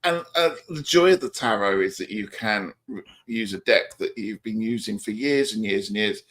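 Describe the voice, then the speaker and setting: A man's voice: on the low side, expressive, moderate pace, fairly bright tone. A man co-hosting a live tarot show, talking with enthusiasm about the stories in the cards. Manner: enthusiastic, storytelling. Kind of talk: casual chat on a live stream.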